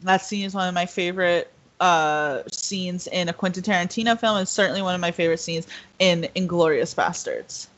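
A woman co-hosting a casual podcast who retells scenes with lively voices, full of fillers. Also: fairly low pitch, fairly quick. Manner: animated storyteller, acts out scenes. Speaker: podcast co-host. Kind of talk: casual chat. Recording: slightly dull, muffled audio.

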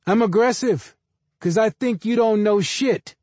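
A man's voice: sits high, a little slow, a little mellow, no echo, voice pushed up. A man voicing a brash, defiant teenage schoolboy in an audiobook. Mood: defiant taunt.

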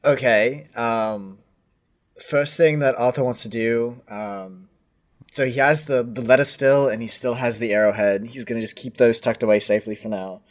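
A man's voice: mid-range voice, fairly even intonation, normal speed. Casual, hesitant male player. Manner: casual, hesitant, thinking aloud. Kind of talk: tabletop role-play.

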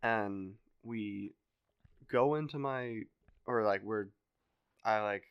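A young man telling a story in a casual podcast chat, animated and swearing, acting out other people's voices. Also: fairly low pitch, slow pace, clear, resonant tone, no room sound, highs cut off. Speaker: podcast guest.

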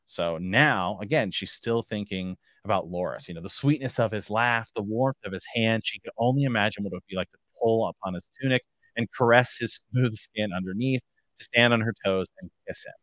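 A podcast host chats casually and reads book passages aloud, rambling with lots of filler phrases. His voice is on the low side, fairly quick and a bit bright, captured in a dry, clean studio recording.

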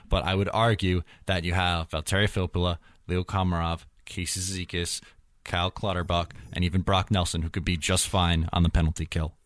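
A man's voice: low-pitched, no room sound. A man hosting a hockey podcast in casual chat, steering the talk and citing stats.

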